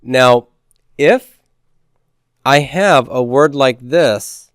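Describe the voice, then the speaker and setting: A patient male teacher lecturing on grammar, stopping often to make sure the class is following. His voice is smooth and resonant at a middle pitch. The recording is dry and close. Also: very slow, no echo. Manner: patient, repeats key points, checks understanding with "okay?".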